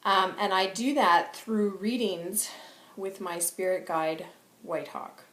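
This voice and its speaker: Woman intuitive reader, slow and halting, soft-spoken, roomy echo around her. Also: medium pitch, steady tone. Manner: relays her spirit guide's words in a halting, soft-spoken way. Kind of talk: channeled spiritual reading.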